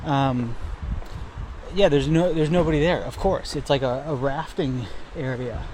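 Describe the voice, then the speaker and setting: A man's voice: medium pitch, unhurried, darkish tone, slight background noise. A young man recording a casual trail diary outdoors by a river, rambling and self-deprecating, with lots of swearing and fillers. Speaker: thru-hiker vlogger. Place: outdoors by a river near a town.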